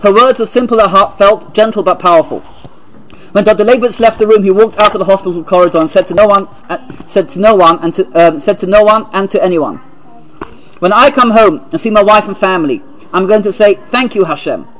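A man giving a sermon as a rabbi, halting and repeating words, then reading a story aloud. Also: high voice, fairly bright tone, rough recording.

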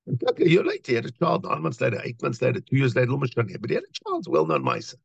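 Animated rabbi with a gravelly husky voice. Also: male voice, mid-range voice, rapid-fire, dry recording, muffled recording. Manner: animated storyteller, acts out voices, many restarts. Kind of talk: Torah talk to a congregation.

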